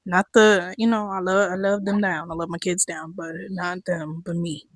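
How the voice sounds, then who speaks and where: A young woman chatting casually to camera about her year, candid, swearing freely and laughing often, her voice going hoarse. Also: lowish voice, little pitch movement, normal speed, no room sound. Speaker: vlogger.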